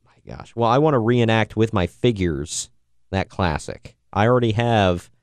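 Fairly low in pitch and moderately paced, this man's voice carries no echo. He's co-hosting a wrestling podcast, keeping things casual, jokey and excitable with plenty of laughter.

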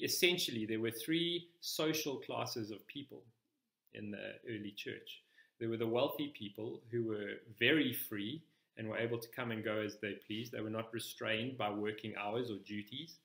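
A man's voice: medium pitch, fairly bright tone. Man preaching a sermon, echoey room. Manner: measured teaching, explains scripture step by step. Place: church.

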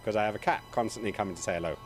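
A man's voice: on the low side, racing, faint music behind. A man casually commentating a game on a live stream from a home desk mic, chatty and playful. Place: home room. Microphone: desk microphone.

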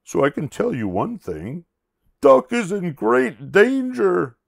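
A man's voice: high-pitched, huge pitch swings, slow pace, gravelly, dry recording, studio quality, pitched above the performer's own voice, heavily acted. A man voicing a clever, self-assured male owl in a storybook read aloud, sounding pleased with himself. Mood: knowing. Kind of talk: storybook reading.

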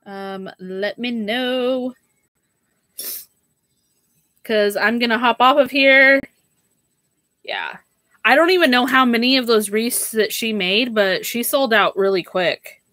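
A woman's voice: fairly high pitch, a little slow, fairly bright tone, no room sound, studio quality. A young woman hosting a live sale stream, chatting casually with viewers and often saying "like" and "girl". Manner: chatty, says "like" and "girl" a lot. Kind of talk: casual livestream chat.

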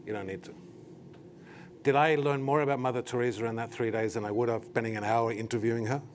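A company chief giving a business talk as an animated storyteller, leaning on "like" and "right?" as he goes. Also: mid-range voice, quick pace, a little hiss or hum. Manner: animated, anecdotal, frequent "like" and "right?". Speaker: company CEO giving a presentation.

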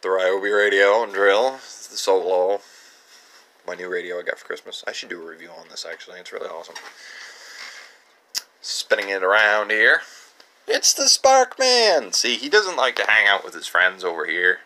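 A man's voice: sits low, moderate pace, bright, forceful tone. A young man showing viewers around his home workshop, rambling through stories and chuckling as he goes. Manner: rambling storyteller with frequent chuckles. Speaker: channel host. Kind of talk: casual workshop tour narration.

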